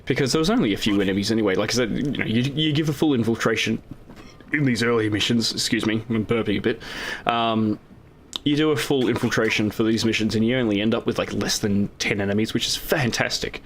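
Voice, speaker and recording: A man's voice: on the low side, fast, few pauses, slight background noise. A man hosting his own gaming channel, casually talking over recorded gameplay in a rambling way with lots of fillers and restarts.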